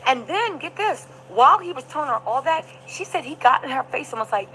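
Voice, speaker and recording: Emphatic woman streamer, bright high voice, faint hum behind. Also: brisk, few pauses, rough recording. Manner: animated, emphatic, talks to chat. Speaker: vlogger recapping a trial. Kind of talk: livestream commentary.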